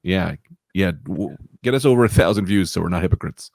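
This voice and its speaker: A man co-hosting a comedy podcast, telling rambling stories in casual chat with quick put-on voices. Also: low voice, vocal fry, darkish tone, dry recording, clean studio sound.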